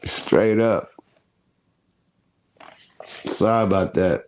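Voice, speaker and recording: A man's voice: lowish voice, drawn-out words, a little mellow, slight background noise. A middle-aged man hosting a casual commentary show, riffing loosely with slang and frequent laughs. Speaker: host.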